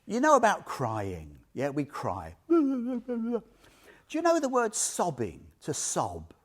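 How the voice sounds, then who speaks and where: A man's voice: high voice, huge pitch swings, slow pace. An older man giving an informal Buddhist talk, chatty and heartfelt, often checking in with "yeah?" and "you know". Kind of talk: informal Dharma talk with personal stories.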